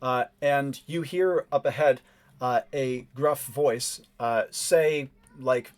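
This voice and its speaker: A man serving as game master, narrating a tabletop game with a steady, descriptive delivery. He fills his lines with frequent fillers as he builds each scene. His voice sits at a middle pitch. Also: takes it slowly.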